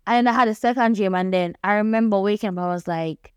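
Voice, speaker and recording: A woman's voice: medium pitch, fast talker, few pauses, clear, resonant tone, no room sound. Young woman w spilling a story, acts out the quotes, dry close mic. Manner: animated, acts out quoted dialogue. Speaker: podcast guest telling a story. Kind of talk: candid storytelling.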